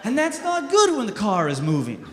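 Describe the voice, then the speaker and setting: A man's voice: sits high, huge pitch swings, normal speed. A middle-aged man doing a stand-up comedy set, telling self-mocking stories with punchy delivery. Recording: echoey hall with long reverb, faint noise.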